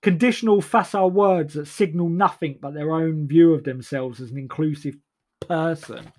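A man's voice: on the high side, moderate pace, warm tone. Sardonic rambling man. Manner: sardonic, rambling, many restarts. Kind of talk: comic monologue.

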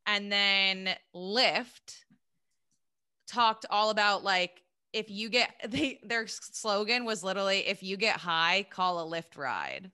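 A young adult woman co-hosting a podcast in casual chat, enthusiastic and quick to laugh. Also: medium pitch, sharp tone, clean tone. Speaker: podcast co-host.

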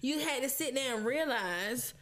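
A fairly high-voiced woman in casual conversation, blunt and profane, acting out both sides of an argument in an animated way. She talks freely among friends. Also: normal speed, crowd noise. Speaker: co-host. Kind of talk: casual chat.

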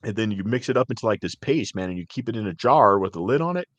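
A middle-aged podcast host talks in a loose, rambling way, peppering his sentences with "man" and "dude". His voice sits on the low side and sounds close and dry, with no room around it. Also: fast, no room sound. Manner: rambling, animated storytelling with frequent "man" and "dude". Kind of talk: casual chat.

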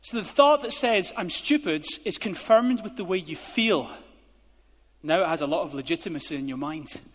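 A man preaching a sermon as a pastor, speaking emphatically and building to forceful urging. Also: on the high side, normal speed. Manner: emphatic, rising to forceful exhortation. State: out of breath. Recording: hall reverb.

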